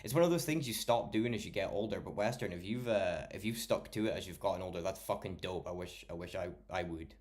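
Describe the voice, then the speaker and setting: Low-voiced streamer man, swearing freely. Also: quick pace, hardly any pauses, darkish tone. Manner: swears a lot, chatty, talks to chat by name. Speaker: livestreamer. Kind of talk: casual late-night stream chat.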